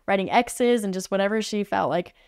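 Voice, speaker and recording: A woman's voice: mid-range voice, a little fast, darkish tone, clear, resonant tone, no echo, studio quality. A woman guest on a podcast, telling a story casually and chattily, with lots of "like" fillers. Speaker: podcast guest, art facilitator. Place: podcast studio.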